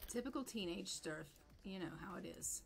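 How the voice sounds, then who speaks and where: A woman's voice: mid-range voice, expressive, moderate pace, gravelly, soft background music. A woman doing casual live commentary while playing a life-sim game, chatting to her characters and viewers. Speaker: streamer.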